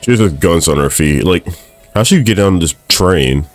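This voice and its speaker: Deep-voiced young man reacting to a game. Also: moderate pace, soft background music. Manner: excitable, swears and laughs often, talks to the screen. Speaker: gaming streamer. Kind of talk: let's play commentary.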